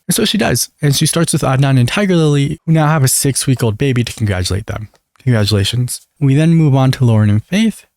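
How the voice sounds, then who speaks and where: A young man runs through reality TV drama in a sarcastic, gossipy and animated way. His voice sits at an ordinary middle pitch and is recorded close and dry, with no echo. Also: quick pace. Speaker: video creator. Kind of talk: reality TV recap commentary.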